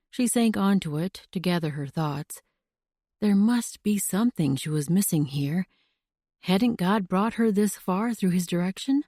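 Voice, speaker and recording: A woman narrates a story in a steady, measured way. Her voice is low and mellow, recorded close and dry in a studio. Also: no room sound. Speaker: audiobook narrator. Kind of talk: scripted narration.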